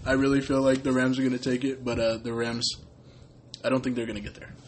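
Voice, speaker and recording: A man's voice: mid-range voice, little pitch movement, quick pace, heavy background noise. A man co-hosting a casual sports podcast, blunt and opinionated, laughing easily. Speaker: podcast co-host.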